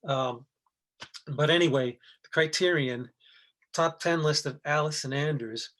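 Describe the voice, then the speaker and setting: A man's voice: on the high side, normal speed, a bit bright. A middle-aged man talking casually as a guest, rambling and restarting his sentences with many fillers. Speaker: guest actor. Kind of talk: casual chat.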